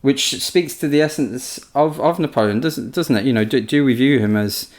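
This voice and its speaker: A man co-hosting a history podcast, a historian chatting casually and acting out anecdotes in quick put-on voices. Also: medium pitch. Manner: chatty, storytelling, animated impressions.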